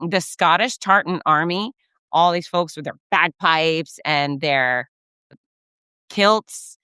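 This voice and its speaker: A middle-aged American woman hosting a podcast, talking in a casual, gushing monologue that jumps up in pitch when she gets excited. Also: slow, clean tone, dry recording, clean studio sound. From United States. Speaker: podcast host.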